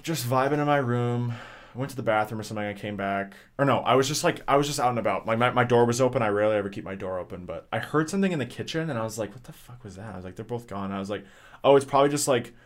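A man's voice: on the low side, expressive, fast talker. A young man casually telling a rambling story on a podcast, swearing often and full of fillers and restarts. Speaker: podcast co-host.

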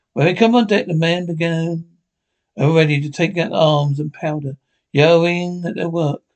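A man's voice: fairly high pitch, a little mellow. Man reading an audiobook aloud. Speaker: audiobook reader. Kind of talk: audiobook narration.

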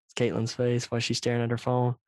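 A man hosts a casual podcast over a video call, telling stories in an animated, profane way. His mic sits right up against him, so he comes through loud and close. The sound is dry. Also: medium pitch, quick pace, dry recording. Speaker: podcast host. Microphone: too close to the microphone, loud.

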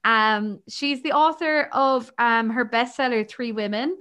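A young woman co-hosting a casual book podcast, chatty and quick to laugh, with lots of fillers. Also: on the high side, sharp tone, clear, resonant tone. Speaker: podcast co-host.

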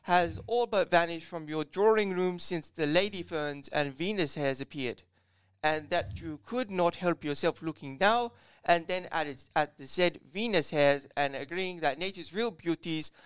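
A man's voice: a little high, a bit bright, clear, resonant tone, no echo, close to an everyday voice. A man voicing a pretentious old-fashioned male newspaper reporter in a wordy, declamatory reading. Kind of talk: dramatic reading of an old quote.

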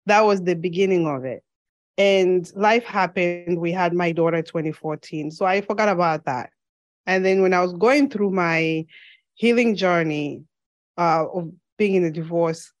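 A woman's voice: fairly low pitch, a little slow, no room sound. A woman from Zambia with a slight lisp, a podcast guest telling her story in an earnest, reflective way in a casual interview.

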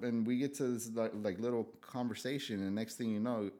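Low-voiced man telling loose, profane stories. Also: fairly even intonation, a little fast, dark tone. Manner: laid-back, profane, acts out quotes with a raised voice. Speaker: podcast guest. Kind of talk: casual storytelling chat.

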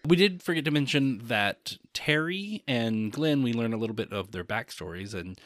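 A man's voice: mid-range voice, lively intonation, moderate pace, fairly bright tone, dry recording, studio quality. A man co-hosting a podcast, casually recapping a movie plot, rambling and correcting himself. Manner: rambling, self-correcting, chuckles often. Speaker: podcast co-host.

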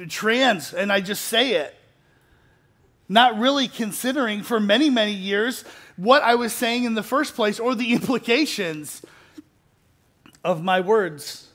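A man's voice: very high-pitched, fairly bright tone. A middle-aged male pastor preaching a sermon in a conversational, self-deprecating way, with restarts and light laughs, building to earnest emphasis.

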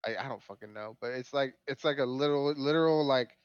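A man's voice: mid-range voice, fast talker, smooth, no echo. Man, resonant voice, blunt casual podcast talk, dry muffled mic. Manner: blunt, offhand, swears casually. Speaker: podcast co-host. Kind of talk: casual chat.

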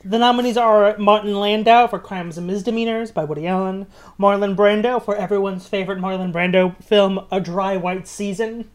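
A man's voice: high-pitched, moderate pace, hardly any pauses. Wry man reading out film nominees. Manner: wry, deadpan jokes, reads out lists. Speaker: podcast host. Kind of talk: casual film podcast chat.

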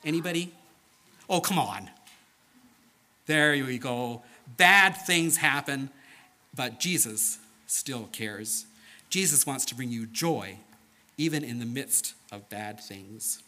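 A man telling a children's sermon story in an animated, playful way, with sound effects and questions to his listeners. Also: mid-range voice, takes it slowly, long pauses.

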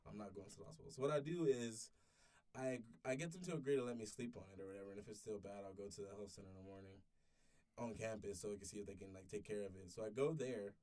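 A podcast storyteller in his twenties rambles through a long tale in casual chat, with lots of swearing and restarts. His lowish voice is mellow and steady in tone, and he talks fast. The mic is distant, leaving his voice set back.

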